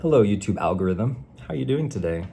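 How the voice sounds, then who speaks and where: A man vents his frustration in a sarcastic monologue, speaking to a faceless listener. His voice sits low and warm and soft at the edges, and the tone stays exasperated and wry. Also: animated, a little fast, creaky, a little hiss or hum. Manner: sarcastic, exasperated, addresses the algorithm directly. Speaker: vlogger. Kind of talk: ranting monologue to camera.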